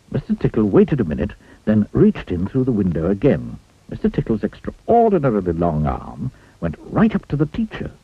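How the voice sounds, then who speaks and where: A man's voice: lowish voice, vocal fry. A man reading a children's storybook aloud, playfully asking the listener questions. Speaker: storybook reader. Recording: tinny phone-like sound, faint music.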